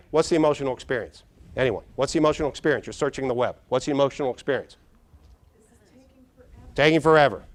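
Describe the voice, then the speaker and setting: A middle-aged man, a neuropsychologist, giving an animated conference keynote, quizzing the audience and acting out little scenes. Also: fairly high pitch. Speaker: neuropsychologist speaker. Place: large conference hall.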